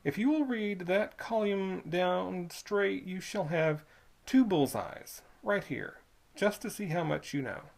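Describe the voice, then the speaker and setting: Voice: medium pitch, lively intonation, vocal fry, voice pushed up. A reader voicing a sly, rustic young male tollkeeper with a folksy drawl. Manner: folksy drawl, slow and drawn-out.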